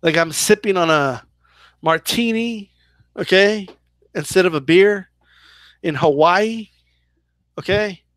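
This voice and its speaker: A man's voice: high-pitched, slow, long pauses, a bit bright, no room sound. A man hosting a casual live Q&A about boxing, chatty and loose, full of "like" and "right?" as he answers viewer questions. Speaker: boxing channel host.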